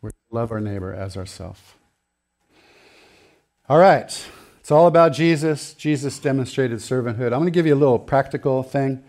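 A man's voice: medium pitch, moderate pace, a little mellow. A middle-aged man gives a sermon from the pulpit, conversational rather than formal. He tells stories with easy laughter and acts out the quotes along the way. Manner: chatty, laughing storyteller who acts out quotes. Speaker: pastor.

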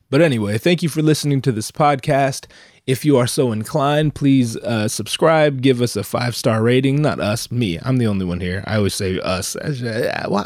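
A young man with a medium-pitched, somewhat dark voice hosts a one-man podcast, drifting through a foul-mouthed, self-mocking monologue while congested and slightly nasal. The sound is clean and dry, recorded through headphones and a mic.

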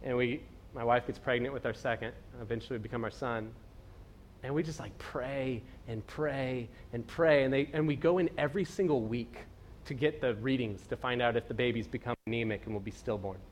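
A man's voice: medium pitch, fairly even intonation, quick pace, slight background noise. A young adult man preaching in a casual, storytelling way, full of fillers and asides. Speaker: pastor. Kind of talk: conversational sermon.

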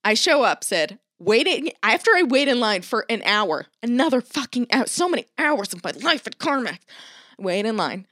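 A woman in casual chat who tells a story in an animated way, swears constantly and acts out the people she quotes. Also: a little high, moderate pace, no echo, clean studio sound.

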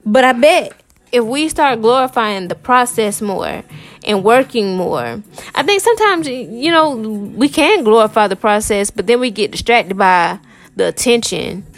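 Speaking in a fairly high, lively voice at a slightly slow pace, a woman tarot reader gives her viewers a casual, encouraging pep talk. She talks loosely and conversationally, repeating phrases and peppering her speech with "y'all" and "man."

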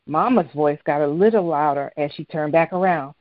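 A woman narrating a storybook aloud in a steady, even reading voice with occasional stumbles. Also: deep voice, moderate pace, few pauses, no room sound. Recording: dry, slightly dull lo-fi recording.

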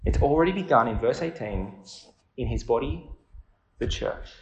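A man's voice: medium pitch, animated, normal speed, echoey room, lo-fi sound, slight background noise. A man preaching a sermon in an earnest, conversational way, asking his listeners questions.

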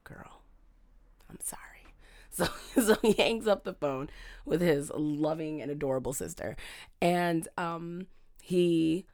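A woman with a notably low, deep voice tells a story in a relaxed podcast chat. She is animated and keeps slipping into quoted dialogue with a lot of "I'm just like.". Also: unhurried. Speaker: podcast co-host.

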